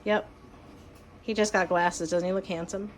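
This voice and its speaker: A woman's voice: medium pitch, fairly even intonation, normal speed, a little hiss or hum. A woman hosting a casual home cooking demonstration, chatty and upbeat, laughing often. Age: young adult to middle-aged mom. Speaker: cooking channel host. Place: home kitchen.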